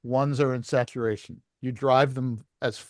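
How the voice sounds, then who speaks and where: A man's voice: mid-range voice, steady tone, moderate pace, dry recording, studio quality. A man teaching a licensing class, explaining step by step at a whiteboard and asking the students questions.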